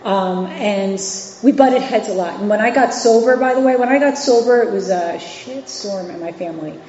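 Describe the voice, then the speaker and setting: Recorded in an echoey meeting hall with dull, lo-fi sound and slight background noise, a woman speaks in a mid-range, slightly mellow voice at normal speed. In her forties and from New York City and Virginia, she's a guest speaker giving a frank, chatty recovery share, with frequent fillers and restarts.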